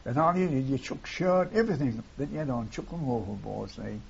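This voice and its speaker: An older man with a gravelly voice talks through his memories, circling back and tagging phrases with "see". The recording is a dull, lo-fi tape with a faint hiss. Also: medium pitch, animated, brisk. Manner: rambling, repeats phrases, tags lines with "see". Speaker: war veteran interviewee. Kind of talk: oral history reminiscence.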